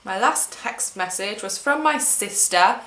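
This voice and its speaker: A woman's voice: medium pitch, expressive, unhurried, pushed and bright, reverberant. A woman in her twenties with an English accent, chatting wryly and mocking herself as she answers questions at home. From England. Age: 20s. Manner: chatty, wry and self-mocking. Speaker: vlogger. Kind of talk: casual tag video chat.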